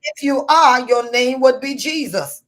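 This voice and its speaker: A woman's voice: high voice, measured pace, rough recording. Trinidadian woman, middle-aged, motivational live-stream host with a raised voice and preacher-style rallying. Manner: lively preacher-like call-outs.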